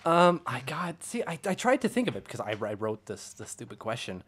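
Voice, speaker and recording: A man's voice: mid-range voice, a little fast, breathy edge. A young man co-hosting a live hockey podcast, joking and laughing as he talks. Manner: animated, jokey, laughs often. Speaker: podcast co-host. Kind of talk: casual live podcast banter.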